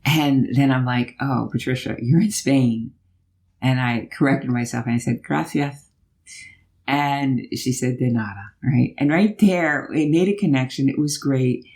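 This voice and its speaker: A middle-aged woman vlogger telling a personal story in a chatty, animated way while driving on a road trip. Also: very deep voice.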